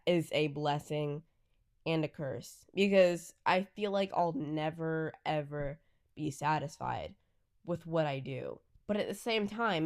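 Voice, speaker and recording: A woman's voice: deep voice, dry recording, clean studio sound. A woman hosting her own solo podcast, chatting candidly as she reads quiz results aloud and reacts to them. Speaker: podcast host. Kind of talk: casual solo podcast chat.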